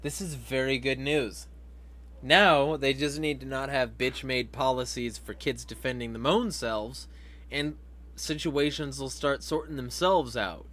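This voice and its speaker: A man hosting a casual livestream vlog at a mid-range pitch. He swears a lot, laughs between remarks and reacts out loud to viewer comments. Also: a little slow. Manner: profane, laughing, reads chat comments aloud. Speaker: vlog host.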